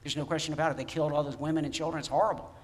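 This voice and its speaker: A man's voice: on the high side, fairly even intonation, very fast. A man, a pastor preaching a sermon in conversational storytelling style, recounting dialogue with restarts. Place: church sanctuary. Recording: church hall reverb.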